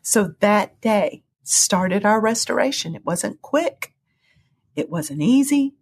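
Earnest breathy woman telling her testimony. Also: very animated, takes it slowly. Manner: earnest storytelling, swings to high cries when reliving moments. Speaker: guest sharing testimony. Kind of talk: emotional personal testimony.

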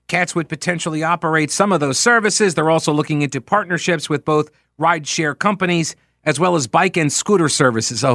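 A man's voice: fairly high pitch, a little fast, hardly any pauses, a bit bright, no echo, studio quality. A man hosting a political talk radio show, ranting in a sarcastic, exasperated way. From United States. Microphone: studio microphone.

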